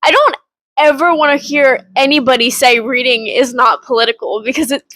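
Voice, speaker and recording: A fairly high-voiced woman recording a casual book vlog, talking in a loose, rambling way and laughing often between thoughts. Her voice sits close and dry, with almost no room sound around it. She swears freely. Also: brisk, sharp tone, no echo, poor audio. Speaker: book vlogger. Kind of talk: casual reading vlog update.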